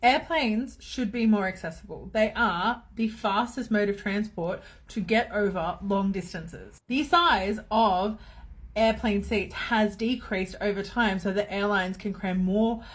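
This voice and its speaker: Woman ranting on a social video, indignant, really fired up, middle pitch. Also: measured pace. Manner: indignant and impassioned. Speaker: social media creator. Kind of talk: social media video rant.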